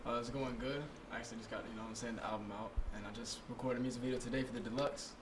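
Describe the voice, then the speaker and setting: A man's voice: medium pitch, steady tone, rapid-fire, background noise. A young man, a guest rapper on a podcast, telling stories in laid-back slang with lots of swearing. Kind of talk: casual chat.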